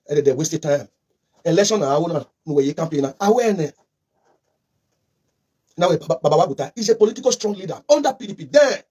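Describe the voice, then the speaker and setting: A man's voice: high voice, darkish tone, slightly rough. A man with a Nigerian accent mixing in Pidgin, giving fervent, rambling political commentary with lots of repetition.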